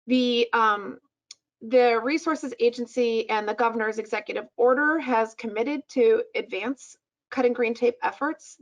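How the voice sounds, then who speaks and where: Woman on a video call webinar, slightly high voice, chatty with lots of ums. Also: dull audio. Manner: conversational, with fillers. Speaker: webinar presenter. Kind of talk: presenting a policy report.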